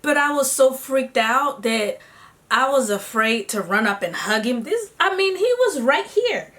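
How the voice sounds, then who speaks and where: Lively young African woman telling a story. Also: high-pitched, a little slow. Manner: animated, acts out her own squeals and gasps; addresses viewers as y'all. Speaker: vlogger. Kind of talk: casual storytelling.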